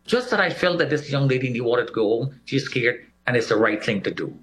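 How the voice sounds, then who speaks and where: With a medium-pitched voice, a man talks fairly quickly and barely pauses as he shares a personal experience. He tells it animatedly, imitating the voices of others.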